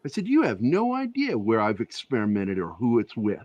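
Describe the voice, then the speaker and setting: A man who is a guest on an interview show, telling profane, animated anecdotes with a lot of laughter in casual conversation. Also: fairly low pitch, fairly quick, no room sound, dull audio. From Virginia, USA. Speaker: interview guest, comic creator. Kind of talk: casual storytelling.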